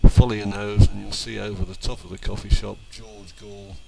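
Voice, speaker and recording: A man in his sixties, from England, narrating old family home movies in an unhurried, reminiscing way with fillers and small restarts. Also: on the low side, little pitch movement, creaky, heavy background noise. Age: 60s.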